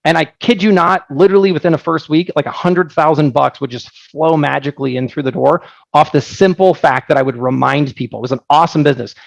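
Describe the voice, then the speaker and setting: A man presenting his software on a live webinar, energetic and joking, telling stories with lots of asides. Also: fairly high pitch, quick pace, vocal fry, dry recording, poor audio. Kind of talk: casual live product presentation.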